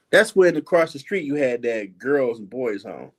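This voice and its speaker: A man's voice: medium pitch, moderate pace. A man, telling childhood stories as host in casual chat and acting out the voices of the people in them. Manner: animated, laughing, acts out quoted voices.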